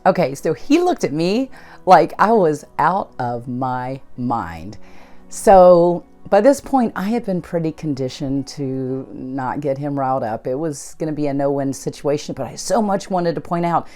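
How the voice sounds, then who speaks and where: Woman host with a low voice, recounting personal events casually, faint music underneath. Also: lively intonation, unhurried, dark tone. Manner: conversational, retells events with quoted dialogue. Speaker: channel host. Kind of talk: personal storytelling.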